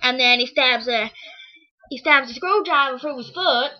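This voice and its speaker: A woman excitedly retelling a film in a rambling casual chat, stringing everything together with "and then". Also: sits high, normal speed. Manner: rambling, breathless, lots of "and then". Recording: lo-fi muffled home recording.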